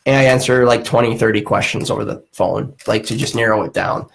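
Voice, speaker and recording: A young man chatting on a podcast, his voice gravelly with a husky edge. He tells a long story in a loose, rambling way, full of fillers and casual swearing. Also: mid-range voice, fairly even intonation, fairly quick, poor audio. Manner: rambling, profane anecdotes with frequent fillers. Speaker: podcast host.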